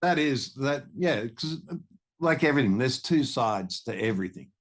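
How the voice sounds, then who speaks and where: Lively intonation, medium pitch and normal speed mark this older Australian man, a guest musician telling rambling stories in a casual podcast conversation full of restarts.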